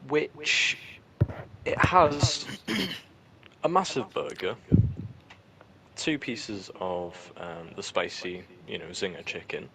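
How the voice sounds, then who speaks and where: Low-voiced young man telling stories. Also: slow, pauses often, bright, forceful tone. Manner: rambling storyteller, hedging with ums. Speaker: podcast co-host. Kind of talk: casual chat.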